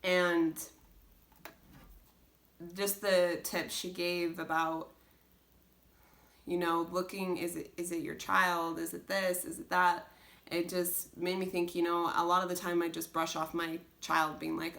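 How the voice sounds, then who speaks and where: A young mother chats to the camera about homeschooling in an earnest, rambling way, looping back with restarts and filler words. Her voice sits a little low for a woman. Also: fairly even intonation, a little slow, a bit bright. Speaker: homeschooling mom vlogger. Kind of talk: casual chat.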